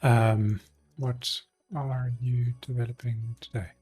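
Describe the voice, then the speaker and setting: A man's voice: mid-range voice, level tone, takes it slowly, a little mellow, husky. A man live-streaming a coding session, explaining his steps casually as he thinks aloud with frequent ums and self-corrections.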